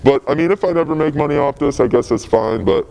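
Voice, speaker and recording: A man's voice: on the high side, fast, gravelly, dark tone, low-quality recording. A young man, a graffiti writer telling stories in a casual interview, laid-back, rambling and full of swearing.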